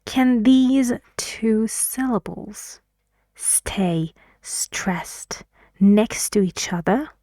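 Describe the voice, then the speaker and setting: A woman's voice: on the high side, warm tone, no echo. A woman teaching an English pronunciation lesson in a patient way, asking learners questions as she explains.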